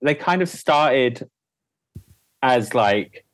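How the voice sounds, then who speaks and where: A man guesting on a podcast, chatting casually at a middle pitch. He is cheeky and trades bawdy jokes, and the recording is close and dry. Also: lively intonation, extremely slow, no room sound, rough recording. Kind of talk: casual chat.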